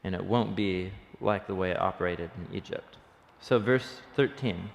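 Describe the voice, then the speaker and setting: A man with a lowish, gravelly voice leads a casual Bible study and explains the text with eager, chatty enthusiasm. He thinks aloud as he goes, pausing on fillers. His voice rings with the long reverb of a hall. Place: church room.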